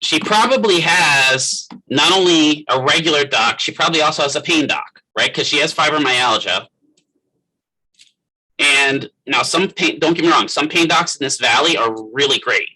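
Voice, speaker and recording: Husky middle-aged male instructor, very bright tone, casual classroom lecturing, quizzes students. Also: a little high, normal speed, low-quality recording. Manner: conversational, quizzes the class by name. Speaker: physical therapist assistant instructor.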